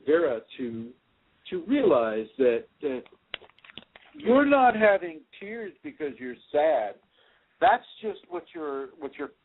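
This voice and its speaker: A man hosting a radio call-in show, giving spiritual advice in a slow, reassuring way with many repeated words and restarts. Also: medium pitch, breathy edge. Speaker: spiritual teacher, radio host. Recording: tinny phone line.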